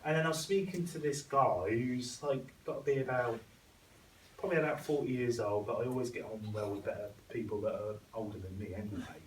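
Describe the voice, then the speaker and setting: A man's voice: medium pitch, a little fast, slight background noise. A young man gives a chatty, self-deprecating speech to an audience, acting out what other people said. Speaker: guest speaker. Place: school hall. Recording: echoey hall, picked up from a distance.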